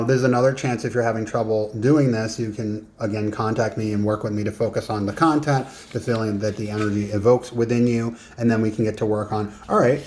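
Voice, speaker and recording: A man's voice: fairly low pitch, a little mellow. A man coaching in a casual, conversational lesson, emphatic and given to joking asides. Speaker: business and life coach.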